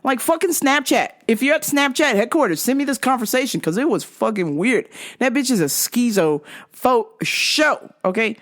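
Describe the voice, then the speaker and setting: A woman's voice: a little high, expressive, moderate pace. A woman hosting a podcast, casually telling profane stories, acting out other people's lines and laughing at her own jokes. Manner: acts out quoted voices. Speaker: podcast host. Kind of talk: casual storytelling.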